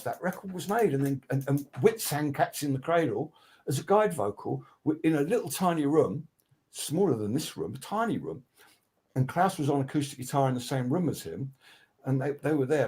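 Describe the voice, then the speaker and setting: An older man, a guest record producer telling casual studio anecdotes, swearing freely, restarting his sentences and acting out what people said. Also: medium pitch. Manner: animated, swears freely, acts out quotes; many restarts and fillers.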